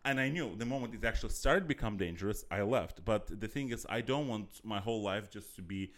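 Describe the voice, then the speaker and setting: Male comedian from Azerbaijan, casual podcast talk, lively and laughing storyteller. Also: on the low side, brisk. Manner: laughs often, animated storytelling. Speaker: comedian guest.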